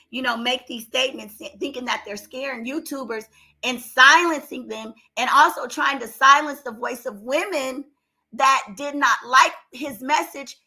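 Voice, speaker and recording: A woman's voice: high voice, bright, forceful tone. An older woman giving opinionated commentary, talking emphatically and with exasperation, her voice strained. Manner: emphatic, exasperated, rising to outbursts. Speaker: commentary vlogger.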